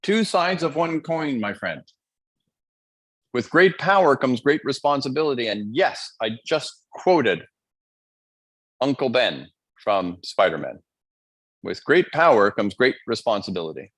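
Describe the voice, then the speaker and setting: A man's voice: medium pitch, expressive, measured pace, long pauses, fairly bright tone. A man hosting a live online seminar as a motivational coach, talking energetically and playfully, addressing the audience directly. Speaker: motivational coach, event host.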